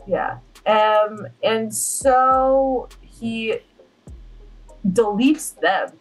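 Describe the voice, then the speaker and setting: Young female co-host, higher voice, loose sweary movie recap with quick character impressions. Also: faint music behind, rough recording. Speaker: podcast co-host. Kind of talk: casual movie recap chat.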